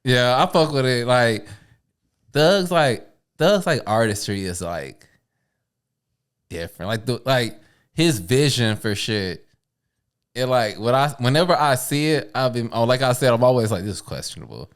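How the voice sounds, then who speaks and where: A man's voice: mid-range voice, a little slow, pauses often, clear, resonant tone. Laid-back slangy man on a podcast. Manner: laid-back slangy talk, emphatic "for real" asides. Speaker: podcast co-host. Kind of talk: casual chat.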